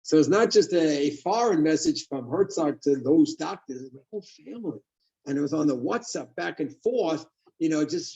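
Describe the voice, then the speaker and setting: Man, rabbi, sermon, high voice, animated, dull lo-fi sound. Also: normal speed. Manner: animated, asks and answers his own questions.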